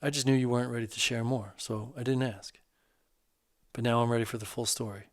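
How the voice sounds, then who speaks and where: A man voicing a soft-spoken, supportive male teacher who speaks gently and reassuringly. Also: medium pitch, steady tone, a little fast, no echo, clean studio sound, natural voice. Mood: calm, caring.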